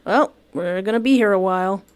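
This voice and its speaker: Animated woman reading a horror game aloud. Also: medium pitch, fairly quick. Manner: animated, jokey, dramatic outbursts. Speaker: gamer playing a horror visual novel. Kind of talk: let's play, reading aloud with reactions.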